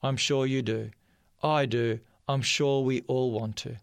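An Australian man delivers a radio sermon in an earnest, heartfelt way, repeating phrases and going quiet on solemn words. His voice is smooth and resonant at a middle pitch, recorded close and dry. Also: fairly even intonation, unhurried, no echo. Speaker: preacher. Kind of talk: radio sermon with personal story and prayer.

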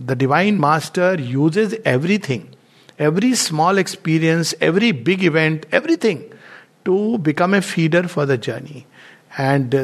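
A man giving a spiritual talk, telling anecdotes in a loose, storytelling way with fillers. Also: on the high side. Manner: anecdotal, warm storytelling with frequent fillers and laughs. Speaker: spiritual teacher.

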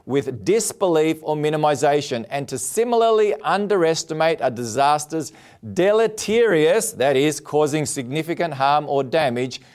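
A man's voice: on the high side, lively intonation, moderate pace, darkish tone. A man with an Australian accent preaching a sermon in a television studio with an audience, earnest and welcoming, repeating key phrases. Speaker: pastor.

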